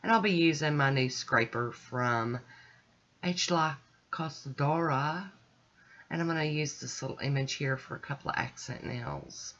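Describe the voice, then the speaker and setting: A middle-aged woman hosting a nail art channel, calmly talking through each step of her manicure in a relaxed, chatty way. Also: deep voice, measured pace. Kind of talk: casual tutorial narration. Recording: dull lo-fi sound.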